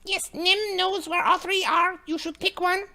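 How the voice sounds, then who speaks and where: A woman's voice: very high voice, steady tone, unhurried, sharp tone, exaggerated voice. A woman voicing a small, very polite servant who talks stiffly about herself in the third person, in a tabletop role-play. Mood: formal. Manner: stiff, literal, refers to self by name.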